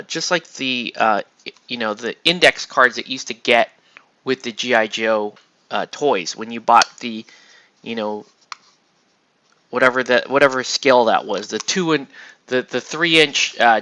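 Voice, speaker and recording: Bright-voiced rambling man painting. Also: mid-range voice, no room sound. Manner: rambling, trails off and restarts, mild swearing. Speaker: miniature painting host. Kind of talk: casual chat while painting.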